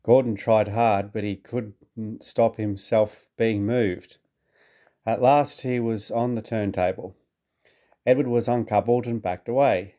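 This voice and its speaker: A man with a British accent narrating a children's storybook in a measured, gently expressive way. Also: lowish voice.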